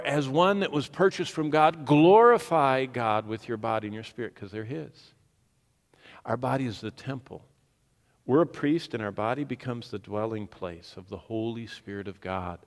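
Animated male preacher in a reverberant hall. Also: mid-range voice. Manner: animated, rising to near-shouts for emphasis; acts out quotes in character. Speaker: pastor. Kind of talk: sermon.

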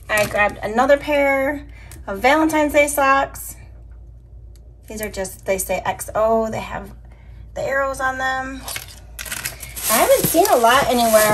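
A woman vlogger chatting casually through a shopping haul, upbeat and talking to her viewers, her voice a little scratchy. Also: high voice. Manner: chatty, upbeat, addresses viewers as y'all and you guys. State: slightly scratchy voice. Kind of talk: casual haul video chat.

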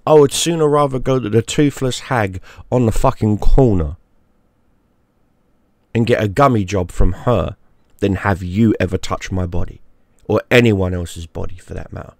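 A man's voice: on the low side, moderate pace, gravelly, dry recording, clean studio sound. A man giving a crude, mocking rant straight to the camera, often repeating himself for emphasis. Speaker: YouTube gaming creator. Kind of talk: profane ranting monologue.

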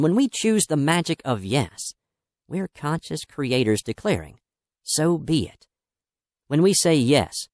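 A man's voice: mid-range voice, no room sound, studio quality. A man narrating a self-help audiobook in an upbeat, emphatic and encouraging manner.

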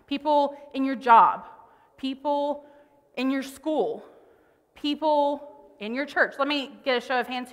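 Woman preaching at church, chatty storyteller, bright voice, kinda echoey. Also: a little high. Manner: storytelling, conversational, animated. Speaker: speaker. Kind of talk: sermon. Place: church auditorium. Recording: church hall reverb.

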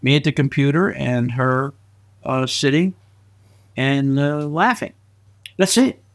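A man telling stories as a guest in a relaxed interview, his pitch sitting in the middle range. He is a lively, animated storyteller who laughs easily and slips into little voices along the way. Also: slow pace. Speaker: guest actor and filmmaker.

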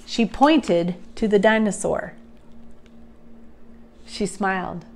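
A woman reading a children's chapter book aloud in a slow, deliberate storytelling manner. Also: medium pitch, lively intonation.

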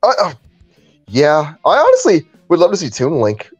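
A man co-hosting a casual podcast chat, animated and jokey, laughing often. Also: a little high, moderate pace, husky, no echo, muffled recording, faint music behind. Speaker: podcast co-host.

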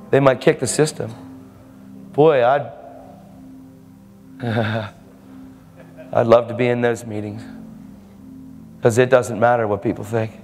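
A man's voice: a little high, in a large hall. A man preaching a fervent, emphatic sermon, laughing now and then between points.

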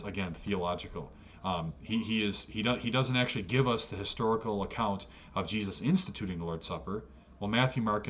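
An American man teaching an adult catechesis lesson on the Bible in a relaxed, conversational way, with fillers and self-corrections. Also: low voice. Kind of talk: Bible study lecture. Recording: dull lo-fi audio with faint noise.

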